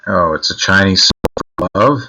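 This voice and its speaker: A man's voice: sits low, normal speed, bright, forceful tone, low-quality recording. A man streaming live, chatting casually with his viewers in a crude, joking, mocking way.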